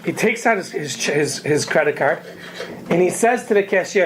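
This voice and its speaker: A woman telling a story to children in a lively way, acting out the people in it. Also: fairly low pitch, moderate pace, low-quality recording. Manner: lively, acts out the characters in the tale.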